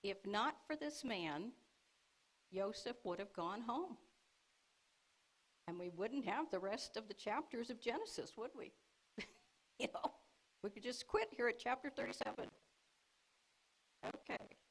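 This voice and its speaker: A woman's voice: a little high, measured pace, pauses often, slightly rough, rough recording. Woman telling a scripture story in a sermon. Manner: lively storytelling, acting out the brothers' lines with laughs. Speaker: speaker at a congregation service. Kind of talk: teaching sermon.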